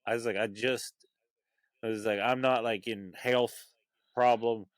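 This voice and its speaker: A man's voice: medium pitch, steady tone, unhurried, no room sound. A man casually telling a funny story on a podcast, swearing and acting out the voices of the people he quotes. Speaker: comedian guest.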